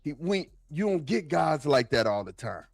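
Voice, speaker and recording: A man talking football in a casual, excitable, slangy way, often repeating himself. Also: a little high, normal speed, gravelly, no echo. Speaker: football podcast guest. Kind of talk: casual sports talk.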